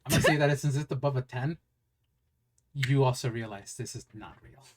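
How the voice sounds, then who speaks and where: A man's voice: mid-range voice, fairly quick, background noise. A man narrating as game master of a tabletop game, rambling and searching for words with many fillers.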